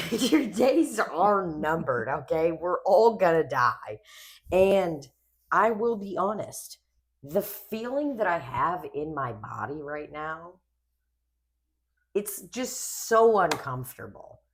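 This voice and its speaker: This young woman has a low voice and takes it slowly. She co-hosts a podcast, where her casual conversation turns into rambling, animated stories full of swearing.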